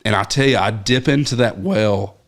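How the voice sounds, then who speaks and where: Low-voiced Tennessee man telling stories. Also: moderate pace, vocal fry. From West Tennessee. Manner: earnest, rambling storyteller with restarts. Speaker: songwriter guest. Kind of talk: casual storytelling chat.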